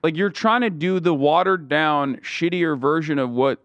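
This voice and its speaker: A man in casual podcast chat, talking excitedly and profanely, his pitch jumping up when he gets worked up. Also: moderate pace, dry recording, lo-fi sound. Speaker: podcast co-host.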